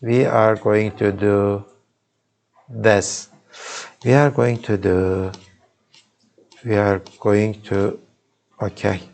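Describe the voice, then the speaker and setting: A man with a Turkish accent gives a casual university lecture, recorded live in a lecture hall. His voice is lowish, gravelly and a little mellow, with a steady tone, a very slow pace and long pauses. He speaks informally, often restarting sentences and making asides to check in with students.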